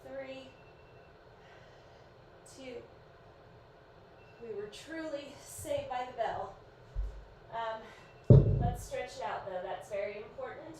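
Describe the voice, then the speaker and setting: A woman's voice: high-pitched, takes it slowly, long pauses. A woman in her thirties coaching a live-streamed workout, counting reps and cheering people on in a chatty, encouraging way while sounding a bit sleepy. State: sleepy, yawning. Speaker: fitness instructor. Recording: echoey room, voice far from mic, faint noise.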